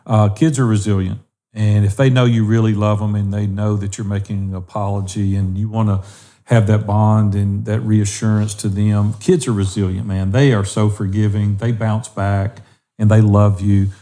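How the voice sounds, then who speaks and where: A man's voice: fairly low pitch, flat delivery, normal speed, warm tone. A middle-aged man co-hosting a faith-based podcast, earnestly encouraging listeners. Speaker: podcast co-host.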